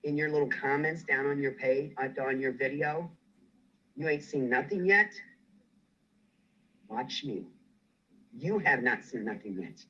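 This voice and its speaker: A furious man rants on a livestream, his voice husky and sharp-edged. He swears and threatens without letup. The sound is dull and lo-fi. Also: medium pitch, a little slow, pauses often. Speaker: guest on a livestream. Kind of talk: angry livestream rant.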